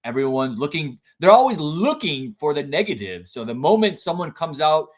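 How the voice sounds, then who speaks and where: A man who is a guest in a casual podcast interview and speaks in an earnest, reflective way with expressive emphasis. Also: on the high side, moderate pace.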